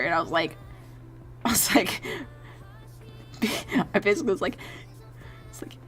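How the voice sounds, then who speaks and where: A woman's voice: lowish voice, unhurried, long pauses, bright, forceful tone, soft background music. A young woman streaming from home, chatting casually while she draws, swearing and laughing as she tells stories and plays the people in them. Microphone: desk mic.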